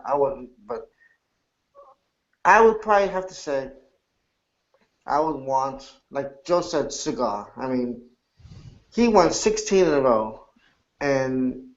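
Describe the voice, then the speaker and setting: A man chatting casually as a horse racing handicapper, hesitant and full of restarts. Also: on the high side. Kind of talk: casual roundtable chat. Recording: dull lo-fi recording.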